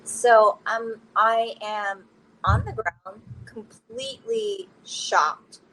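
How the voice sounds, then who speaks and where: A woman speaks slowly and unhurriedly, recounting a personal story in open conversation. She is candid and often laughs through the hard parts. A faint hum sits under her voice. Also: fairly high pitch, very animated, a bit bright, low-quality recording. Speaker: interview guest.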